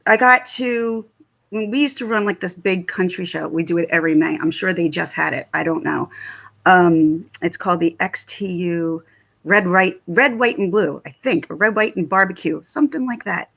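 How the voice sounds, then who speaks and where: Gravelly, husky Philly woman chatting live. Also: on the low side, fairly bright tone, lo-fi sound. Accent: Philadelphia. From Philadelphia. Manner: chatty, laughs often, trails off and restarts. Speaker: livestream host. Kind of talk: casual livestream chat answering viewer comments. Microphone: phone or webcam livestream.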